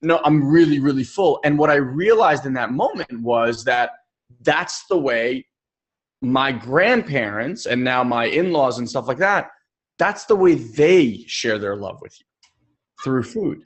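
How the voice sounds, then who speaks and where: A young adult man co-hosting a personal development podcast, telling stories in an animated way and acting out the people he quotes. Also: medium pitch, unhurried. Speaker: podcast co-host.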